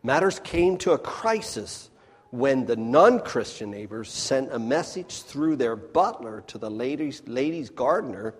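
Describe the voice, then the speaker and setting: Male preacher, folksy sermon delivery with loud-to-hushed swings, mid pitch, long hall echo. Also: lively intonation, a little slow, husky. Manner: swings between loud emphatic bursts and hushed near-whispers; folksy, addresses the crowd as folks.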